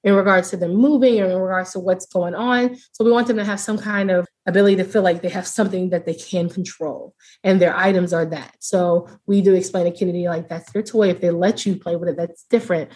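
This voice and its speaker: A woman's voice: lowish voice, steady tone, brisk, few pauses, a little mellow, breathy edge. A woman speaking as a podcast guest, a foster mother sharing her experiences in a heartfelt, earnest way with frequent restarts. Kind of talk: casual podcast interview.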